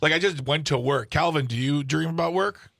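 A man's voice: a little high, vocal fry, fairly bright tone, no room sound, studio quality. Joking male radio co-host. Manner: joking, quick banter. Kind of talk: casual radio chat. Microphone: studio microphone.

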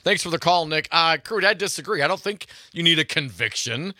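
A man co-hosting a call-in talk radio show, chatty and quick to laugh, cutting in on callers. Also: a little high, expressive, sharp tone, no echo, studio quality.

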